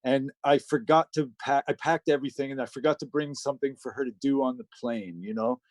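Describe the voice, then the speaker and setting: A man's voice: medium pitch, a little fast, no echo. A middle-aged man, a record producer, telling a personal story in a casual, profane way, close to tears. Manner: casual and profane, with many fillers. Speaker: guest record producer and engineer.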